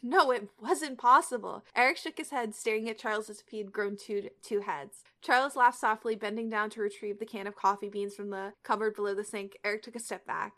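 A woman's voice: mid-range voice, fairly even intonation, fairly quick, few pauses, fairly bright tone. A young woman podcast host reading fan fiction aloud and chatting, hesitant with many fillers and restarts. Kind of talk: reading aloud and casual chat.

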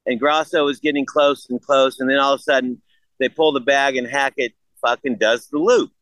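A man in his sixties telling a story in casual chat, animated and profane, acting out what others said. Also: medium pitch, brisk, no room sound, rough recording. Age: 60s. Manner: animated, profane, acts out quotes.

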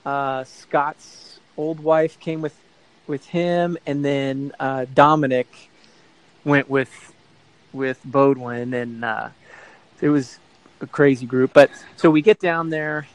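A middle-aged man spins a casual story as an interview guest, meandering and backtracking to fix details. His voice sits at an ordinary middle pitch, easygoing and conversational. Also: fairly even intonation, takes it slowly, smooth, dry recording, low-quality recording. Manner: rambling, self-correcting storyteller who acts out quoted voices. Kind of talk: casual anecdote telling.

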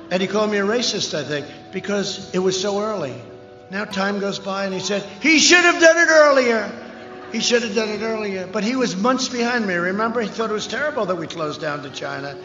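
A high, rambling man at a rally. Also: slight background noise. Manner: rambling, repetitive, with mocking asides and shouted lines. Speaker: political candidate speaking at a rally. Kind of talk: off-the-cuff rally speech. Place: large rally venue. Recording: echoey, lo-fi rally sound with long reverb.

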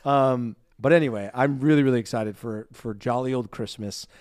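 A man's voice: medium pitch, moderate pace, a little mellow, no room sound. A man co-hosts a podcast in casual chat, bubbly and playful. His voice sits in a middle register. The sound is dry and close. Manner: bubbly, chatty, jokey. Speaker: podcast co-host.

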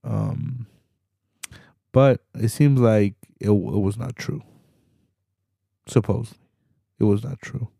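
A man's voice: lowish voice, slow, vocal fry, long pauses, mellow, slightly rough, no echo, studio quality. A young adult man hosting a podcast, delivering a laid-back, slangy, profane monologue with laughs between points. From Hispanic community in the US. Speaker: podcast host.

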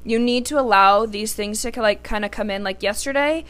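Bright-voiced candid young woman podcaster. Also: medium pitch, moderate pace, smooth. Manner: candid, swears freely, heartfelt. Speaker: podcast host. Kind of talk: casual solo podcast talk.

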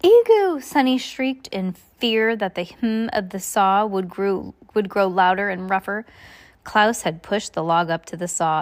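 A woman reading a novel aloud, stumbling and restarting often. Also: lowish voice. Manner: halting, with many restarts. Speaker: reader.

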